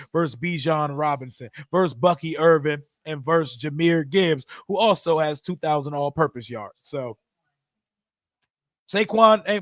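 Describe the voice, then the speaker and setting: A young man with a high, bright-sitting voice, streaming a live game reaction and talking straight to his chat. He gets loud and hyped, then drops to a low mutter. The sound is dry and close. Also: no room sound. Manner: hyped, talkative, loud swings between shouting and mumbling. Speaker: streamer hosting a live watch party.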